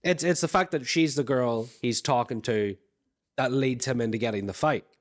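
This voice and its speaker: A man's voice: mid-range voice, moderate pace. A man co-hosting a podcast, agreeable and thinking aloud with plenty of fillers in casual brainstorming. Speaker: podcast co-host.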